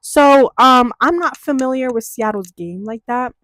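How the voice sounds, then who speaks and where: A young woman from Denver vlogging a casual storytime, animated and profane, acting out quoted voices. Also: high-pitched, measured pace. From Denver, USA.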